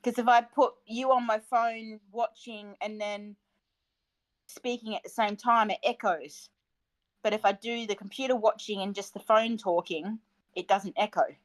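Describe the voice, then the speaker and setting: A woman's voice: mid-range voice, fairly even intonation, measured pace, no echo, poor audio. A woman from England chatting over the phone with a streamer, talkative and hesitant, with lots of fillers. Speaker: friend on phone call. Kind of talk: casual chat.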